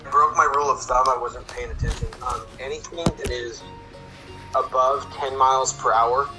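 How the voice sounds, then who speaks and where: A man hosting casual commentary, calmly explaining his shots step by step while he plays. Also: medium pitch, normal speed, music in the background, rough recording. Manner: relaxed, explaining tips step by step. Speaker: host.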